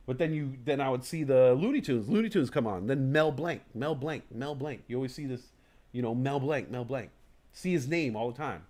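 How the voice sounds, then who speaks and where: A man hosting a casual livestream talk show, telling animated stories, acting out inner voices and swearing casually. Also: mid-range voice, a little fast.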